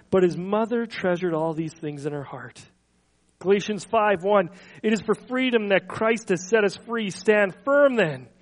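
High-voiced man preaching a Christmas sermon. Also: poor audio. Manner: earnest, slows and swells on scripture quotes, soft trailing endings; stumbles and repeats words when speaking freely. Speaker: pastor.

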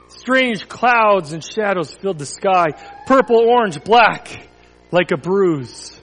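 Pastor guy, high voice, telling a kids story real dramatic, long echo in the church. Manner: expressive storytelling, dramatic pauses, drops to near whisper. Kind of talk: children's story reading then church announcements. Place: church hall. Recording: long hall reverb.

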